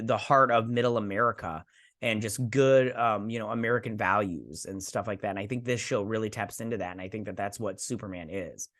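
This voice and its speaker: A man's voice: lowish voice, fairly bright tone. A man casually recapping and reviewing a TV episode, acting out the characters' lines and rambling with lots of fillers and restarts. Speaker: show reviewer.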